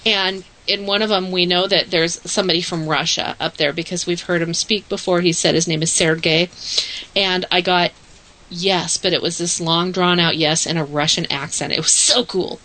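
A woman's voice: lowish voice, fairly even intonation, normal speed, pushed and bright, rough recording. A woman hosting a casual talk show, chatty and upbeat. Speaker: host. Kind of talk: casual radio-style chat.

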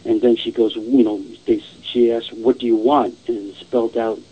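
A man's voice: mid-range voice, level tone, normal speed, husky, narrow, tinny audio. A man casually telling a long ghost story, rambling and repeating "I says" and "she goes".

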